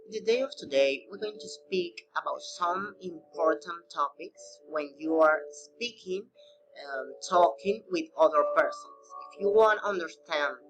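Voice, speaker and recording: Male teacher, slow careful reading, non-native phrasing, faint music underneath. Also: on the high side, fairly bright tone, rough recording. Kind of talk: recorded pronunciation lecture.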